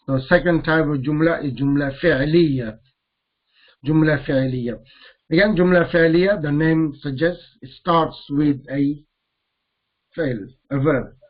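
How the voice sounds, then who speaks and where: Man teaching grammar, dull-sounding recording. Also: a little high. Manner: repeats each term slowly, mixing Arabic terms into English. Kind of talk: classroom grammar lesson.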